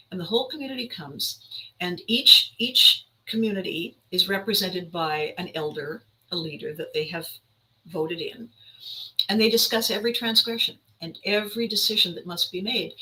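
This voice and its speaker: A woman hosting a podcast, telling a story in an animated, wry way, repeating lines for emphasis and acting out the people she quotes. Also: medium pitch, poor audio. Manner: acts out quoted voices. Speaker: podcast host. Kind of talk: storytelling monologue.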